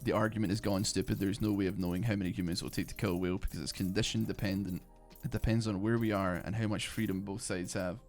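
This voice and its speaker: A man's voice: lowish voice, steady tone, fast, few pauses, darkish tone. A young British man streaming a game, chatting loosely with viewers and rambling with lots of fillers and restarts. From Britain. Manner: rambling, filler-heavy, restarts mid-thought. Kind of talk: live gameplay commentary, chatting with viewers. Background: faint game music.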